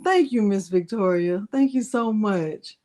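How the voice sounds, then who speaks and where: A retired woman, hosting a live crafting Q&A and chatting warmly with viewers by name. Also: mid-range voice, measured pace. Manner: chatty, greets viewers by name, playful fussing. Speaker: crafting livestream host. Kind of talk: live Q&A chat, reading viewer comments.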